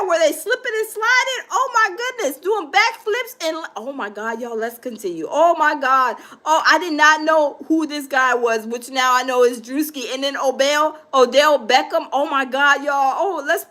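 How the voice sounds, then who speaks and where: High, bright excitable woman host. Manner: exclaiming, laughing, addressing viewers as y'all. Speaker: reaction channel host. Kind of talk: excited reaction commentary.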